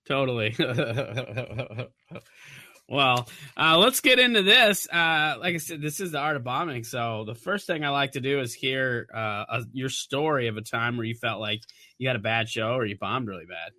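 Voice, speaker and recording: A man hosting a casual interview podcast, laid-back with quick laughs and short agreeing replies. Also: medium pitch, animated, bright, forceful tone, dry recording. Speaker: podcast host.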